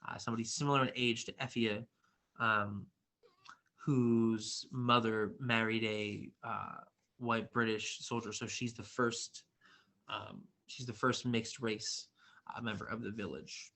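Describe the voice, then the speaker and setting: A man teacher reading a novel aloud to his class, relaxed and tired, with casual asides to the students. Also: fairly low pitch, a little slow, gravelly. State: tired, yawning.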